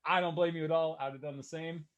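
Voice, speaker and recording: A man's voice: fairly high pitch, fairly even intonation, quick pace, dull audio. A man with a Detroit accent hosting a podcast, telling a story in casual profane chat and laughing through it. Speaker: podcast host. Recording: noticeable background noise.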